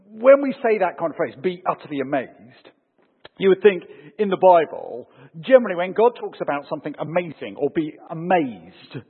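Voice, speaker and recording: A man preaching a sermon, animated, lifting his voice for emphasis and dropping it low to end his points. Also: husky. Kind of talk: sermon with opening prayer. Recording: phone-like sound with long hall reverb.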